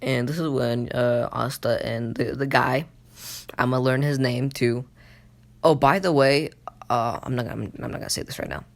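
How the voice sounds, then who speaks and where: A man casually recapping an anime storyline on his own channel, full of fillers and loose swearing. His voice sits at an average pitch with a gravelly rasp. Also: normal speed. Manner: rambling, lots of fillers and swearing. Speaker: channel host. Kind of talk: casual anime plot retelling.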